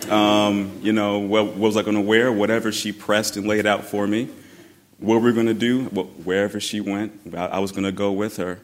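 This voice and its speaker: A man telling a personal story about his grandmother in an animated way, laughing and acting out the voices he quotes. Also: lowish voice, moderate pace.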